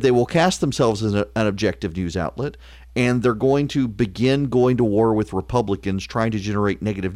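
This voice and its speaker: A man hosting a call-in talk radio show, sarcastic and quick, full of uh fillers. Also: medium pitch, a little mellow, no echo, clean studio sound.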